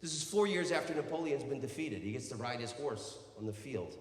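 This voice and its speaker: A man's voice: medium pitch, expressive, brisk, few pauses. Brash, profane man on stage. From United States. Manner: brash and profane, yelling to rouse the crowd. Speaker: stand-up comedian. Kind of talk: live stand-up comedy. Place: stage in a large hall. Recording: roomy live hall reverb.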